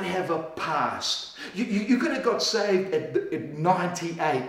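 A male pastor preaching with a fairly high voice, pressing points by repeating words and dropping between loud and hushed delivery. He sounds set back from the mic. The sound rings through a very echoey church hall. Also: very animated, slow, few pauses, far from the mic. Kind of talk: sermon. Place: church service.

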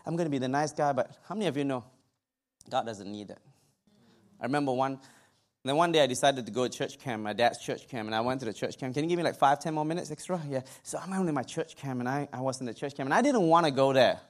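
A man's voice: mid-range voice, fast talker. A man preaching a sermon, telling a personal story with humor and asides to his congregation. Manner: humorous, animated testimony with asides to the audience.

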